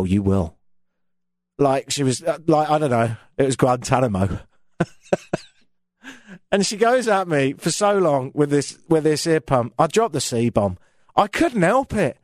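A man's voice: on the high side, sing-song, moderate pace, dry recording. A man from Britain hosting a radio show, telling a self-mocking comic story from his studio microphone.

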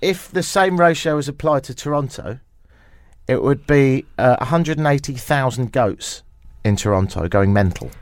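Jokey man, lively voice. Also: mid-range voice, normal speed, no echo, clean studio sound. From England. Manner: jokey, playful, riffing. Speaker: radio show host. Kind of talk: casual radio chat.

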